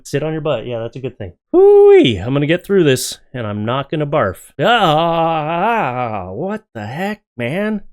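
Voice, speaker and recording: A man in casual comedic commentary, joking and chatty as he reacts to tattoo photos and talks to his dog in his office. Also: fairly high pitch. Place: home office.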